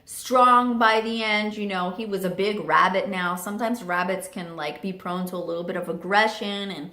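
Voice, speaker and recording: A young woman telling a chatty storytime vlog story, animated with lots of fillers. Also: mid-range voice, normal speed. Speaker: vlogger. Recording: roomy echo.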